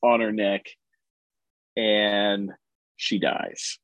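Low-voiced guy rambling about a comic book, lots of ums, dry close sound. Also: extremely slow, dry recording, lo-fi sound. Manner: relaxed, rambling with many ums and uhs. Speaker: podcast co-host reviewing comics. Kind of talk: casual chat, retelling a comic's plot.

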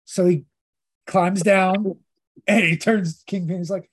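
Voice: medium pitch, fairly even intonation, takes it slowly, husky. A podcast host giving a casual, rambling recap of a comic story, hesitating often with fillers.

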